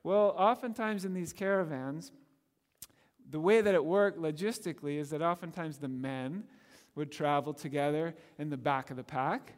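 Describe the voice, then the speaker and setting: A man preaching a sermon in a conversational, animated way, often laughing and acting out the people in the story. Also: fairly high pitch, normal speed, big-room sound. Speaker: pastor.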